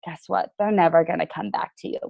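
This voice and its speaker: A woman's voice: lowish voice, steady tone, fast talker, gravelly, a little mellow, dry recording. A woman business coach leading a team training call, chatty and emphatic with a sarcastic streak.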